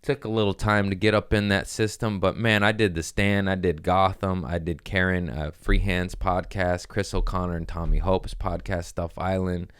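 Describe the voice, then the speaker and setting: A man's voice: deep voice, little pitch movement, moderate pace, few pauses, a bit bright, clear, resonant tone, no room sound. A man hosting a comedy podcast, telling stories in a laid-back, slangy, profane way close to the mic. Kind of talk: casual storytelling chat.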